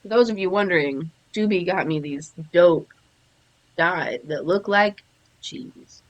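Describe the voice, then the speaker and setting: A woman's voice: lowish voice, unhurried, highs cut off. A woman playing in a tabletop game, playful and upbeat. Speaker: player.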